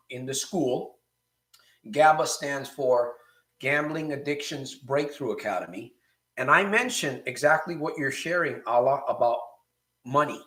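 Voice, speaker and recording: A man's voice: on the high side, fairly bright tone, reverberant. A man hosting a live motivational stream as a recovery coach, greeting viewers and reading their comments aloud, with encouraging, repetitive phrasing. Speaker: recovery coach and show host.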